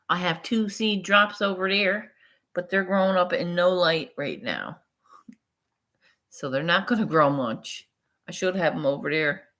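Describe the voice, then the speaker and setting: A woman's voice: medium pitch, a bit bright. A woman vlogging in casual, rambling chat, swearing freely and laughing often.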